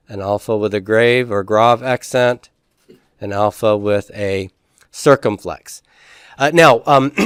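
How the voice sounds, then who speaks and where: A man teaching a classroom lecture in a relaxed way, with frequent fillers and restarts. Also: mid-range voice, smooth, dry recording, studio quality.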